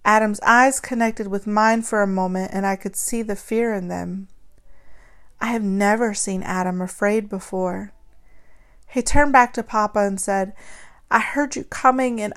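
A woman narrating a story in the first person, expressive and acting out the dialogue. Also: mid-range voice, a little slow.

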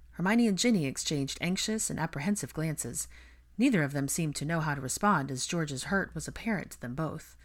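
Low-voiced woman narrating a story. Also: brisk. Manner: reads dialogue with lively pitch lifts. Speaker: fan fiction reader. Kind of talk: audiobook narration.

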